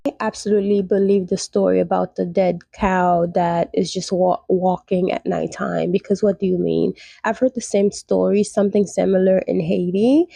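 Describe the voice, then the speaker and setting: A woman's voice: mid-range voice, creaky, mellow, no echo. A woman reacting in a casual storytime chat.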